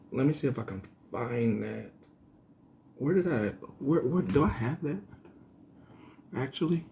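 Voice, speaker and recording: A slight hiss or hum sits under a mid-range male voice with vocal fry. He's the host of his own casual news commentary, rambling, thinking aloud, and self-correcting in a slightly twangy way.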